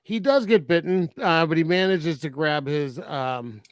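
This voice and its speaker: On a podcast he co-hosts, a man talks casually about a horror film, tossing in sarcastic asides and laughing frequently. His voice is fairly high and a little slow, captured in a dry, studio-quality recording.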